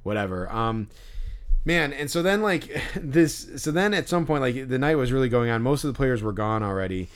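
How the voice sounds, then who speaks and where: A man in a casual podcast chat, his voice sitting at an ordinary middle pitch. He rambles through an anecdote, full of ums, restarts and offhand swearing. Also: lively intonation, normal speed, clean tone. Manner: rambling storyteller, many fillers and restarts, swears freely. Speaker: podcast co-host.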